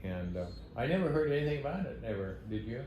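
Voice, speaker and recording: An older grandfather tells a story at home in a chatty, chuckling way and teases his family and pets fondly. His voice sits in an ordinary middle pitch. The room echoes, and a steady background noise runs under his voice. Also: quick pace.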